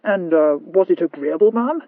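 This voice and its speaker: Woman playing a slow, dogged tipsy gentleman. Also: medium pitch, big pitch swings, no room sound, narrow, tinny audio, pitched above the performer's own voice. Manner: slow, dogged, clipped phrases. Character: tipsy, stolid, polite young Regency gentleman.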